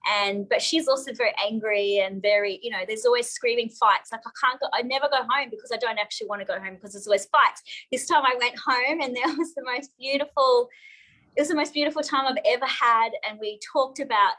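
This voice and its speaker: A woman speaks as a guest in a live interview. Her voice sits fairly high and sounds bright and forceful. She tells personal stories openly and with feeling. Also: fairly quick, rough recording. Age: 40s. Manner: open, emotional personal storytelling. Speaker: guest, therapist.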